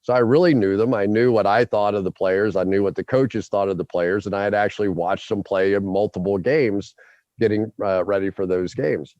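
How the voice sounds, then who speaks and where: A man hosting a podcast, telling a long story in an animated way and acting out his own quotes. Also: on the low side, moderate pace, no echo, muffled recording. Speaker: podcast host.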